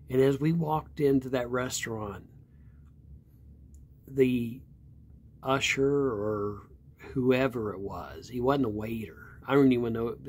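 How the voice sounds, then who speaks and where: A pastor from Virginia, telling a story in an earnest, plain-spoken way and repeating phrases for emphasis. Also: male voice, mid-range voice, a little mellow, slight background noise. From West Virginia. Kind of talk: storytelling sermon.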